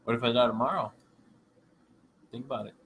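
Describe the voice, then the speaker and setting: A man's voice: medium pitch, fairly quick, fairly bright tone, slight background noise. A young man co-hosting a casual podcast, joking and teasing. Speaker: podcast co-host. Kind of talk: casual chat.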